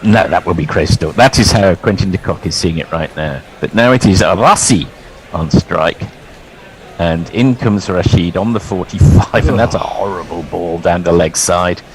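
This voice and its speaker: A man calling ball-by-ball cricket commentary in a lively, chuckling way, bringing in his co-hosts. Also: deep voice, moderate pace, noisy background.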